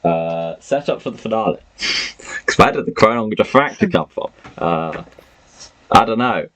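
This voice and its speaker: A man's voice: lowish voice, lively intonation, moderate pace, fairly bright tone, low-quality recording. A man hosting a podcast, casually recapping a tabletop game with friends, rambling with lots of fillers and frequent laughter. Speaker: podcast host and game master.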